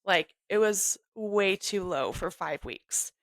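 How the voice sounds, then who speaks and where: A young adult woman telling a personal story in an interview, halting and emotional, full of "like". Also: medium pitch, lively intonation, a bit bright, dry recording. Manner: halting, emotional, heavy use of "like". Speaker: guest sharing her story.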